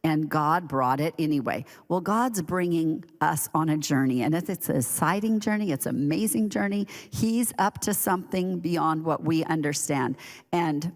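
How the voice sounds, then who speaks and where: A woman with a notably low voice preaching to her congregation in a chatty, storytelling way, slipping into friendly asides and little laughs. Her voice rings out with the long reverb of a big church hall. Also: moderate pace. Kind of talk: conversational sermon. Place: church sanctuary.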